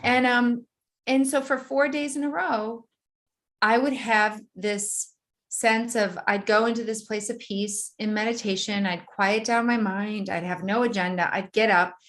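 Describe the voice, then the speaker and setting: A woman guest in an interview, telling a personal story in a vivid, animated way and often laughing. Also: mid-range voice, measured pace.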